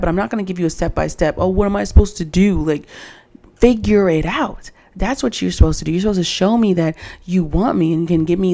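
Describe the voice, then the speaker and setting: A woman gives a casual recap of a reality dating show, sounding opinionated and often exasperated as she talks straight to her viewers. Her voice sits on the lower side for a woman, with a mellow, soft-edged tone.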